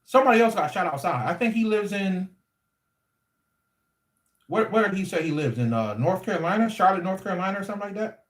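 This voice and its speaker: A man telling a story casually to his livestream audience in an animated, slangy, repetitive way. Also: high-pitched, brisk, pauses often. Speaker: livestream host. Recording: echoey room.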